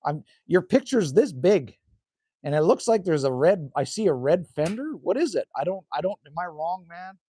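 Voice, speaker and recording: A man's voice: a little high, sing-song, normal speed, mellow, breathy edge. Chatty man live-streaming from outdoors. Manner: chatty, reads viewer comments aloud and answers them; laid-back, rambling with self-corrections. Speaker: live streamer reading chat. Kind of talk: casual live-stream chat. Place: outdoors by a cabin in the cold.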